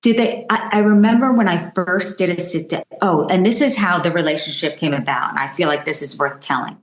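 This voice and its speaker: A woman's voice: fairly low pitch, a little fast, reverberant. A middle-aged woman, a journalist guest on a podcast, telling stories animatedly and acting out what others said. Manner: animated storytelling, acts out quoted voices. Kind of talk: conversational podcast interview.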